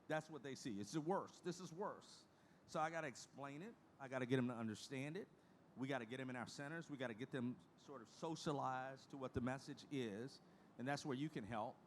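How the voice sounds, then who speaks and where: At a conference, a middle-aged man presents in a folksy, emphatic style and keeps repeating key phrases to drive them home. His voice sits in the mid-range at a normal speed, with a little background noise.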